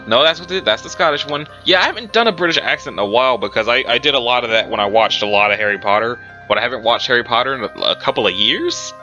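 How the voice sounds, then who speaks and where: Animated man reading a story, bright voice, muffled recording with music under it. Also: lowish voice. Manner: chatty asides, self-corrections. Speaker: story reader.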